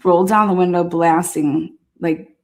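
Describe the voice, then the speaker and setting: Low-voiced woman telling a profane anecdote. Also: unhurried. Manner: profane, animated, laughing while telling a story. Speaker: storyteller recounting past events. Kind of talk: casual anecdote.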